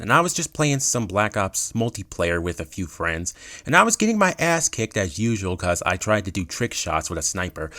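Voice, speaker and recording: Low-voiced young man swearing through a story. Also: a bit bright, no room sound, studio quality. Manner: casual, swears freely. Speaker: YouTuber telling a gaming story. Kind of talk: casual storytime narration.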